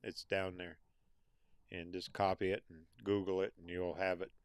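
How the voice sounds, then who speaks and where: A man's voice: sits low, flat delivery, normal speed, clean tone, no echo. A middle-aged American man hosting a casual livestream, reading out viewer names and comments in an easygoing, folksy way. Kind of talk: casual live chat.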